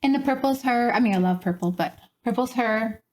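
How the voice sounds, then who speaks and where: A woman's voice: on the high side, a little mellow. Bubbly woman co-hosting a podcast. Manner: bubbly, enthusiastic, quick to laugh. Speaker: podcast co-host. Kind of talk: casual chat.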